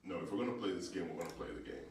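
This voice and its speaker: This Ugandan comedian talks rapid-fire in a low-pitched voice during his stand-up set. He animates his stories with acted-out voices and chats with people in the club's live audience. The sound is distant and roomy, with the crowd audible.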